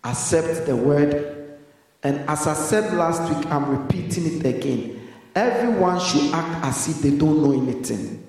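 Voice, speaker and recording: A man delivers a sermon with a deliberate, unhurried pace and a slightly raised voice. He poses questions and waits for the congregation to supply the answer. His voice comes from some distance away in a reverberant hall. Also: fairly high pitch, lively intonation, a little mellow. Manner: call-and-response preaching, asks congregation to complete sentences. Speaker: pastor. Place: church hall. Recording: echoey hall, voice from far off.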